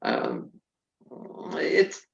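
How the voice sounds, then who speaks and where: An older woman, a comedian guest in an interview, tells frank, lively stories, acting out quoted dialogue and swearing freely. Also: extremely slow, slight background noise. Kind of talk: casual interview storytelling. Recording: roomy, muffled sound.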